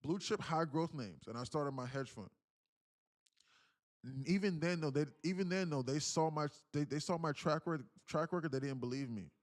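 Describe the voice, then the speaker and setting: A man hosting a live trading stream, talking casually in a lively, slangy and profane way with many restarts. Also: on the high side, normal speed.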